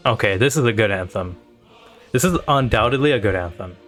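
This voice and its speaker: A man's voice: lowish voice, lively intonation, a little fast, a bit bright, soft background music. A man streaming live, reacting bluntly and profanely while thinking aloud. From Pakistan or India. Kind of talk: casual live-stream commentary.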